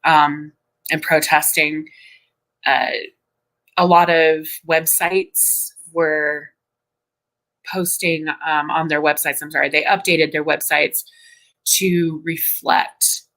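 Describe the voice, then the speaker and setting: A low-pitched woman with a bright, forceful tone hosts a stream in casual chat. She rambles and often stops to restart her sentences as she works through her thoughts. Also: level tone, slow, pauses often, poor audio. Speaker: stream host.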